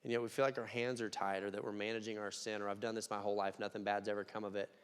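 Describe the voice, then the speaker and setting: A young man preaching a conversational sermon, dropping to quiet asides and rising to loud, emphatic peaks. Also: fairly low pitch, little pitch movement, fast talker, clean tone. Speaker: pastor. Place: church hall. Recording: long hall reverb.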